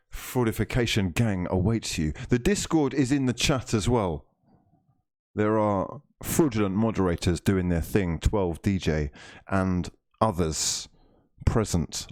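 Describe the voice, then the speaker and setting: A man's voice: on the low side, a little mellow, dry recording, studio quality. A man hosting a live stream, reading viewer comments aloud in a playful, mock-grand way.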